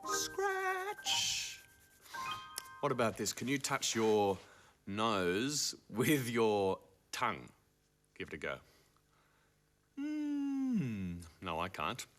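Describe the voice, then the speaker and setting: A man presenting a children's TV show, leading action songs and inviting young children to join in. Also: fairly low pitch. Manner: sing-song and animated, inviting children to join in. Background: music.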